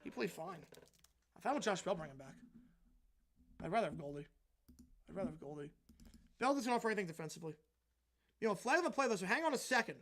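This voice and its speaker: A man hosting a live stream, giving play-by-play football commentary and answering viewer chat between plays, getting excited on big plays and relaxed on the asides. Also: fast, long pauses. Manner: rises into excited calls on big plays, drops low and casual when answering chat. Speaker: stream host calling games.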